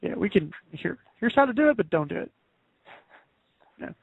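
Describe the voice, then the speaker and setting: A man hosting a podcast in casual chat, rambling with lots of fillers and quick laughs. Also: high voice, very animated, gravelly, slight background noise. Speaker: podcast host. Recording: dry, phone-like lo-fi audio.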